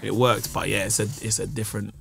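A man's voice: lowish voice, quick pace, gravelly, crowd noise. A man, a comedian telling stories in casual podcast chat and slipping into voices for his anecdotes. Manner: animated storytelling, putting on voices in anecdotes. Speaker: guest comedian.

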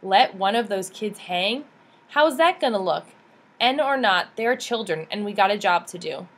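A frantic male official argues in urgent tones, as a woman narrator puts him on. His voice lifts higher as he presses his point. A voice from a memoir audiobook. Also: expressive, normal speed, a bit bright. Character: worried male official behind a door.

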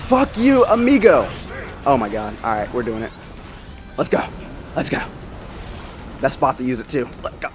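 A man's voice: medium pitch, big pitch swings, moderate pace, long pauses. A man giving casual let's-play commentary, swearing and exasperated as he trash-talks rival racers. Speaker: gameplay commentator. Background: game music.

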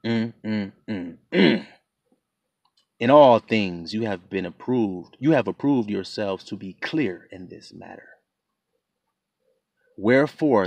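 A man preaching a sermon, reading scripture aloud and explaining it, emphatic and building to shouts. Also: medium pitch, no room sound. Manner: emphatic, rising to shouts, calls and responses to himself.

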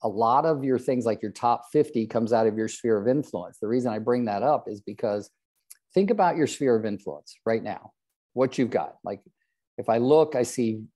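A man's voice: mid-range voice, expressive, normal speed, warm tone. An older man coaching real estate agents in a live group session, joking at his own expense and calling on trainees by name. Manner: joking, self-deprecating, calls on trainees by name.

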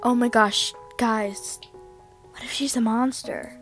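A woman giving casual commentary over a horror game, excitable and easily startled, repeating her exclamations over and over. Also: a little high, slow pace, faint music behind. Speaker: gameplay commentator.

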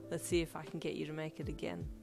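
A woman reading a fan fiction audiobook, voicing a gruff, brash young man with growled, rough lines. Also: low-pitched, flat delivery, fast. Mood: growling. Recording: loud music bed under voice.

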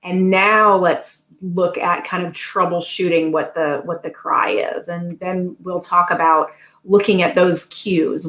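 Calm woman explaining in an echoey room. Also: lowish voice. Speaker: parent educator guest. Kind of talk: casual interview answers.

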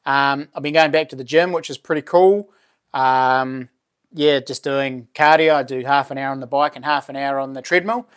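A man's voice: mid-range voice, fairly even intonation, moderate pace, fairly bright tone, clean tone. A man with a New Zealand accent hosting a casual live stream, chatting with viewers and reading out their comments in a laid-back, friendly way.

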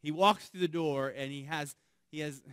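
A man's voice: a little high, moderate pace, clean tone, dry recording, studio quality. Emphatic man preaching a sermon. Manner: emphatic preaching, rising loud on key phrases, dropping soft on asides. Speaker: pastor.

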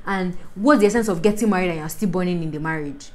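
A young woman with a Northern Nigerian accent speaks in a fairly low voice. She holds forth in an animated, preachy vlog and fires rhetorical questions at her viewers. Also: fast talker, low-quality recording. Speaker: lifestyle vlogger. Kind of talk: opinionated vlog monologue.

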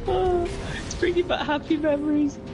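A man chatting with friends over a game, playful and teasing and quick to laugh. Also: very high voice, steady tone, over loud music, low-quality recording. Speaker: co-host friend. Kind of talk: casual chat over gameplay.

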